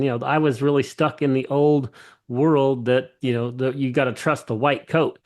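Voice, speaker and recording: A man's voice: medium pitch, fairly even intonation, moderate pace, darkish tone. A man, a company CEO, telling his story as a podcast guest with eager enthusiasm, often restarting sentences and acting out quoted dialogue. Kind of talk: casual interview storytelling.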